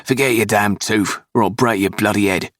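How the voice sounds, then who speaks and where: Guy doing a rough street thug, low gravelly snarl, husky. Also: fairly even intonation, normal speed, a bit bright, no room sound, clean studio sound. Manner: harsh and snarling. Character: rough coarse male kidnapper.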